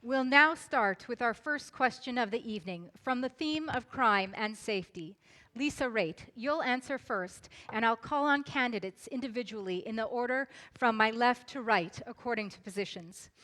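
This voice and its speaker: A woman moderating a debate in a measured, formal way, announcing candidates and the rules. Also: on the high side, pushed and bright, long reverb tail. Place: large theatre with audience.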